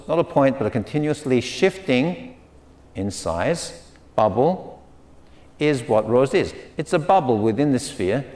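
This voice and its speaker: A man giving an academic lecture, repeating key words and pausing on fillers and okays. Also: mid-range voice, darkish tone, reverberant.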